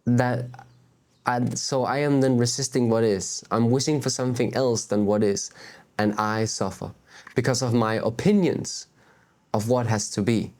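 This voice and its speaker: Standing on a beach, a Danish man with a medium-pitched voice muses openly in a casual spiritual talk to camera. This spiritual vlogger is candid and animated, dropping swear words and poking fun at himself.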